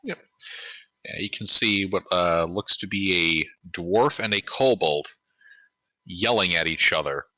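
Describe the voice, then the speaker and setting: A man narrating as game master in a tabletop game, relaxed with frequent fillers. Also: low-pitched, a little slow, dry recording, rough recording.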